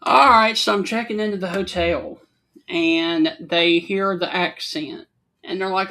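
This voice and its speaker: A man's voice: sits high, fairly even intonation, a little slow, sharp tone. A man from Alabama with a Southern accent, co-hosting a casual talk show and telling stories in an easygoing way. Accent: Southern American. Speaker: co-host. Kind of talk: casual chat.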